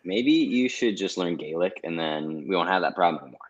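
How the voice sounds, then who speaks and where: A man with a very deep voice teases his co-host with dry jokes during a relaxed tasting chat. The recording sounds dull and lo-fi, and he drawls the odd word. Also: a little fast, breathy edge. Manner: teasing, dry joking.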